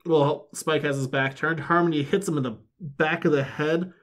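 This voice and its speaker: A man's voice: a little high, steady tone. A man co-hosting a podcast, recapping comic books in casual chat and jokingly acting out the characters' lines. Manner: jokey, acts out characters' lines in quick bits. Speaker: podcast co-host.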